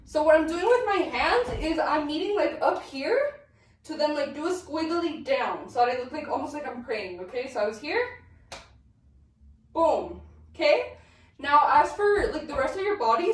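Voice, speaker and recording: A woman's voice: high voice, lively intonation, normal speed. A young woman teaching a dance step by step, counting beats aloud in an upbeat, chatty way. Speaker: dance instructor. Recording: echoey room, mic at a distance.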